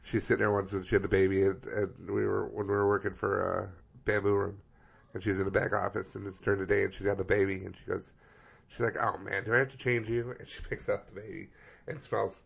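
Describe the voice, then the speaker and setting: A man's voice: low-pitched, little pitch movement, fast, gravelly, slightly rough. A man co-hosting a comedy podcast, telling rambling stories in a laid-back way. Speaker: podcast co-host. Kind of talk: casual comedy chat. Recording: dull lo-fi podcast mic.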